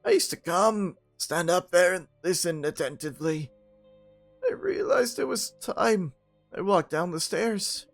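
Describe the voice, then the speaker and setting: A man voicing a sorrowful, patient elderly uncle who has long been waiting and keeping watch, read out slowly and solemnly as game dialogue. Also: high voice, animated, gravelly, soft background music, exaggerated voice. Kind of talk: reading game dialogue aloud.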